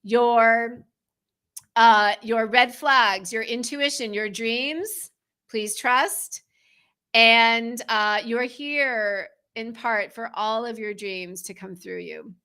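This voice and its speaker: A woman's voice: on the high side, extremely slow, pushed and bright, clean tone. A woman coaching self-love in an earnest, guided self-help talk, repeating phrases for emphasis.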